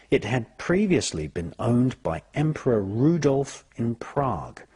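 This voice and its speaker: A man giving scripted documentary narration in a measured, deliberate way, his phrases falling at their ends. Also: on the low side, a little mellow. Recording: voice-over with clear background music.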